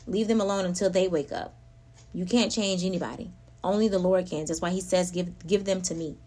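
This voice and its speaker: A woman in a middle pitch hosts a casual talk about faith and everyday life. She is animated and laughs often, speaking straight to her listeners. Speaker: podcast host.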